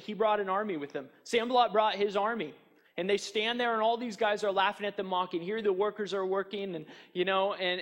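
Pastor guy preaching, pretty high voice, lively, lots of uh and restarts. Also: in a large hall. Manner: animated, mocks enemies' taunts in a raised voice; chatty asides with fillers and restarts. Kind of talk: sermon.

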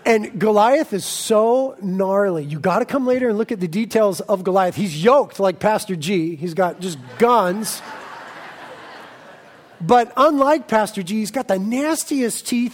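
A male pastor preaching with lively, joking energy. His voice sits notably high for a man. He tells the story with playful, animated asides. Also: measured pace. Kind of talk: sermon.

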